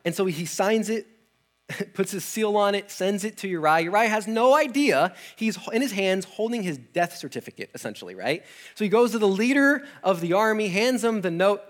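A man's voice: high voice, animated, moderate pace. A young adult man preaching, retelling a scripture story casually with slang, laughs and acted-out character lines.

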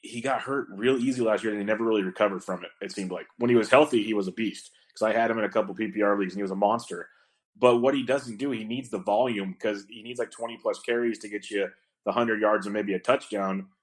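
Male podcast host, lowish voice, easygoing and quick, chatty. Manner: relaxed, quick, rambling talk. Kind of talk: casual chat.

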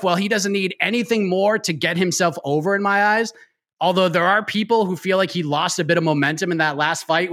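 A man's voice: fairly high pitch, bright, forceful tone. A man who created the show, now on its panel, trash-talking with mock-fight hype and then giving emphatic fight analysis. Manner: brash, emphatic, repeats for effect.

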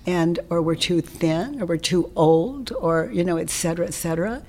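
A woman guest in an interview, explaining her ideas in a gentle, reflective way that often drops into a soft whisper. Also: on the low side, a little slow. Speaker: interview guest, self-inquiry teacher.

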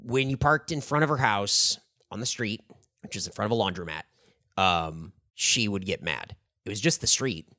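This man in his thirties co-hosts a podcast of casual storytelling chat, speaking at a moderate pace with a fairly low pitch in a dry, clean studio recording. His retelling is animated and rambling, full of "like" and broken up by laughs.

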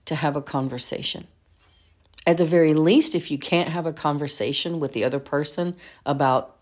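Low-voiced woman podcast coach. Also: darkish tone. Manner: earnest, encouraging, storytelling. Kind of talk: reflective solo podcast talk.

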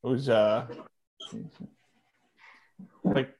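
A man's voice: medium pitch, unhurried, a little mellow, a little hiss or hum. A man who acts, chatting casually and hesitantly, with many fillers and a disbelieving tone. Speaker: podcast co-host, actor. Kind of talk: casual chat.

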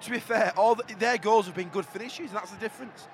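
A man co-hosting a podcast, excitable and laughing easily as he chats through a live match. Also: sits high, quick pace, a little hiss or hum. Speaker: podcast co-host. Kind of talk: casual live match chat.

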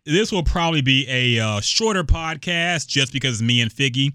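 A young man hosting a podcast, talking in laid-back, slang-heavy banter with plenty of laughs. His pitch swings widely as he talks. The recording is close and dry. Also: expressive, moderate pace, pushed and bright, clean tone, no echo. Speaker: podcast host. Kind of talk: casual podcast chat.

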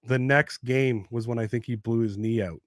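A man in his thirties telling sports stories in a casual podcast chat, animated and heavy on swearing. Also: mid-range voice, moderate pace, no room sound. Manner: profane, animated storyteller. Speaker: podcast co-host.

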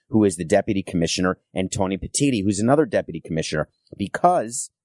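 Low-voiced man hosting a sports podcast. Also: darkish tone, no echo, clean studio sound. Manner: chatty storytelling with laughs and quick asides. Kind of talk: solo podcast monologue.

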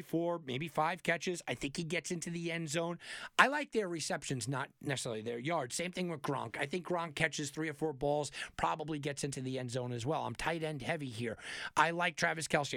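Male sports talk host, animated, gravelly voice, higher pitch, dry close sound. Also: no echo. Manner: animated, chatty, tells anecdotes with many restarts. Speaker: sports betting podcast host. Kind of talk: casual sports talk monologue.

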